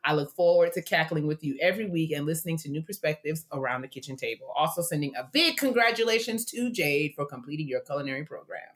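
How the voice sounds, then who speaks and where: A woman's voice: low-pitched, expressive, fast talker, few pauses. A woman co-hosting a casual podcast, reading listener letters and cheering them on. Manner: warm affirming interjections, playful put-on voices. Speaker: podcast co-host.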